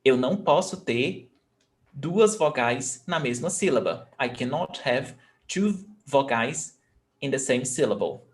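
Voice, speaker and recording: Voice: mid-range voice, lively intonation, measured pace. An adult Portuguese teacher running a live online class, patiently repeating and sounding out words and switching between English and Portuguese.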